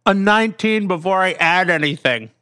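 A man's voice: sits high, animated, normal speed, bright, forceful tone, smooth. A man playing a tabletop game, hesitant and stammering as he describes his moves. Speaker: player.

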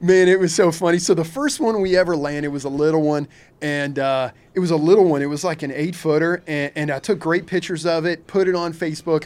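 Charter captain, man from Kentucky, chatty guest who laughs a lot, slightly high voice. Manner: animated, laughs often, frequent restarts and filler. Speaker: shark fishing charter captain, podcast guest. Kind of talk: casual storytelling.

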